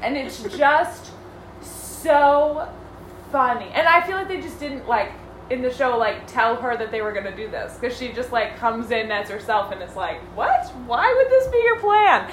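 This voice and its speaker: A woman co-hosting a casual podcast, animated and quick to laugh. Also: a little high, reverberant, a little hiss or hum, rough recording. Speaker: podcast co-host. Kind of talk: casual chat.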